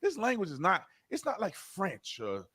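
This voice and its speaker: A man giving casual commentary in a mocking, animated way, often stammering on his words. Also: sits high, moderate pace, breathy edge, dry recording, clean studio sound. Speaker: commentator in played clip.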